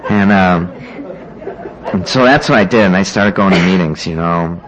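A man with a somewhat low voice tells his own story of getting sober in a casual, meandering way. He leans on "you know" and "like", and he acts out the lines of the people he's talking about. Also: normal speed, a bit bright, a faint crowd, rough recording. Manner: rambling, full of "you know" and "like", acts out what others said. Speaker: speaker sharing his recovery story at a meeting.

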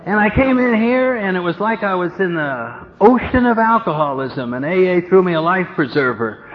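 A man's voice: sits high, big pitch swings, normal speed, big-room sound. A man sharing his story at a recovery meeting, humorous and self-mocking, acting out the voices of people he quotes. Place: meeting room with an audience. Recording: dull lo-fi recording with background noise.

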